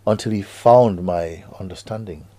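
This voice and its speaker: A man with a deep, husky voice voicing a calm, wise spiritual master in a teaching story. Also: moderate pace.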